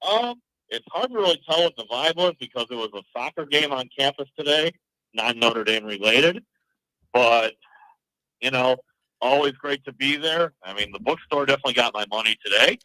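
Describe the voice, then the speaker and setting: Male caller, mid pitch, sharp dry tone, relaxed and hesitant. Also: moderate pace, no echo, poor audio. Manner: calm, easygoing, hesitant with fillers. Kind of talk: phone-in chat.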